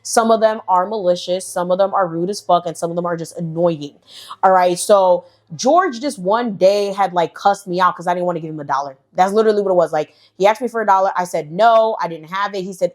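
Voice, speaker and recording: A woman's voice: lowish voice, fast talker. A young woman telling a casual storytime, candid and profane, full of "like" and "right". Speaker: storytelling vlogger.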